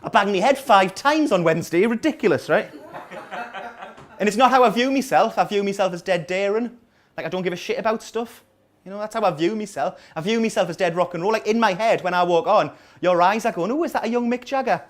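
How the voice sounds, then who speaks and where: A man's voice: sits high, brisk. A man in his thirties with a Geordie accent, doing a rambling, self-mocking stand-up set in a small coffee house. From North East England. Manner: rambling self-mocking storytelling with dry asides. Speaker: stand-up comedian. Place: small coffee house venue with a live audience.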